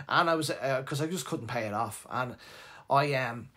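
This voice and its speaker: A middle-aged Irish man from Dublin hosting a live show. He tells a personal story in a casual, animated and emotional way, with lots of restarts. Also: on the high side, moderate pace. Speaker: host.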